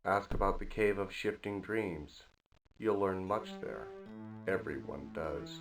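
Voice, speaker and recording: Low, measured shapeshifter in a game, guitar music under. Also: male voice. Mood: wary. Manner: measured, cryptic. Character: shapeshifter man, wary and cryptic. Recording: distant game voice over guitar.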